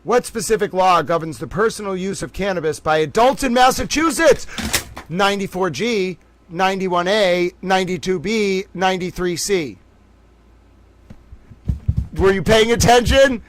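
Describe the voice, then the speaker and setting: A man hosting a casual livestream trivia game, calling out viewers by name and praising them, swinging from loud excitement to quiet muttering. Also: high voice, normal speed, a little hiss or hum. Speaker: livestream host running trivia.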